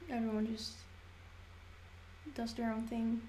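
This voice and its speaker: A woman in her twenties with a Dutch accent, chatting softly and hesitantly on a livestream. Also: fairly high pitch, monotone, takes it slowly, echoey room. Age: 20s. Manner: soft-spoken, hesitant. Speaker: guest. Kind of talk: casual livestream chat. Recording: faint background noise.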